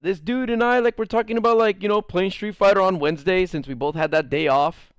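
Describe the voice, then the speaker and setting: Young male streamer, fairly high voice, dry close sound, animated and profane, rambling casual storytelling. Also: fairly quick, clean tone, dry recording. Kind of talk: casual storytelling while gaming.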